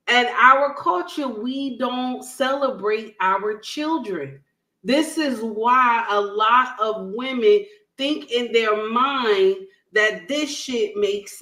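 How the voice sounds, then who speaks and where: A woman's voice: fairly high pitch, sharp tone. A woman on an online panel telling a personal story, emphatic and checking in with "okay?" and "right?" as she talks. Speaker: panel guest. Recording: roomy echo.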